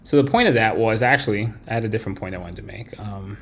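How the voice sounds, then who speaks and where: A man's voice: fairly low pitch, quick pace, fairly bright tone, slight background noise. A man hosting a late-night livestream, ranting bluntly with constant swearing and tagging his points with "right?". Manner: blunt, heavy swearing, tags lines with "right?". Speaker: livestream host. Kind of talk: profane late-night stream rant.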